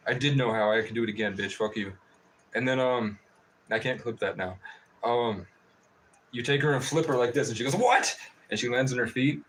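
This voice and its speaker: A man's voice: mid-range voice, fairly quick, a bit bright, a little hiss or hum. A man rambling through stories on a casual livestream, laughing and swearing as he goes. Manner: profane, laughing, rambling storytelling. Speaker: livestream host.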